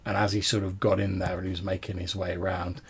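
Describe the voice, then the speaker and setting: A man's voice: sits low, level tone, fast talker, husky. A man narrating as game master of a tabletop game over a call, describing scenes at length with lots of fillers.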